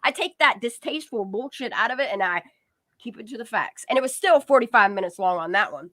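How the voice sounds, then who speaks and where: Woman, channel host, blunt casual commentary, swears a lot, bright tense tone, dry close sound. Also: on the high side, animated, brisk, dry recording. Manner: blunt, brash, swears often.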